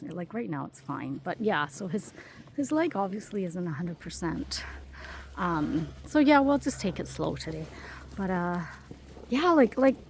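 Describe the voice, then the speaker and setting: A woman's voice: fairly low pitch, a little hiss or hum. A woman working as a dog sitter, narrating a casual vlog outdoors at a park and rambling chattily with lots of fillers, recorded on a handheld phone.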